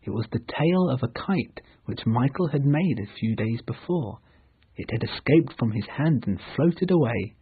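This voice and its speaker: A man reads a storybook slowly and clearly for learners, in a mid-pitched, very husky voice. The recording is narrow and tinny, like a phone line. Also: animated. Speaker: narrator. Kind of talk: storybook reading for English learners.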